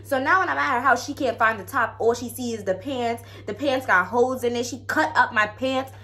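A young woman vlogger telling an animated, slangy story to her viewers, dropping into low asides. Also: brisk. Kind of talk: casual storytime vlog.

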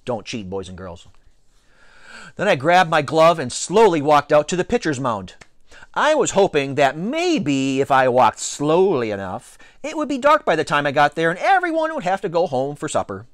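A man reads a children's novel aloud, telling it expressively with playful asides to the listener. His voice sits fairly high and moves through a wide, lively range. The recording is dry with no room sound. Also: normal speed, no room sound. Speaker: reader.

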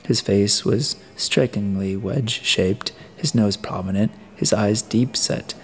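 A man narrating an audiobook in a deliberate way, now and then restarting a phrase. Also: lowish voice, fairly even intonation, slight background noise. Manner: deliberate reading with occasional restarts. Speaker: audiobook reader.

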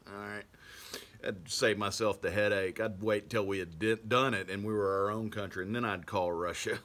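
A man talks to camera in a loose, rambling monologue. His voice sits mid-range, neither deep nor high. He scoffs and laughs through his words often. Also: bright, forceful tone. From Texas. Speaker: vlogger.

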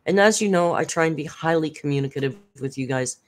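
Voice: mid-range voice, fast. A tired live-stream host chatting casually, thanking viewers and reading their messages aloud. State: tired, worn down by caregiving.

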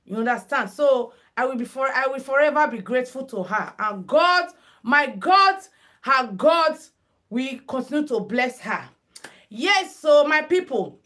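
Chatty Nigerian woman, high and bright. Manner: chatty, addresses viewers as "my people", sing-song calls. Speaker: makeup and headwrap livestream host. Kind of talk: casual livestream chat in Pidgin-mixed English. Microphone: phone.

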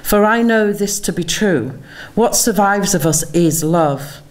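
A woman's voice: lowish voice, expressive. Woman reading memoir aloud. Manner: measured, reflective reading with lingering pauses. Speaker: author reading her own work. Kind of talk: literary reading at a conference. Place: conference venue.

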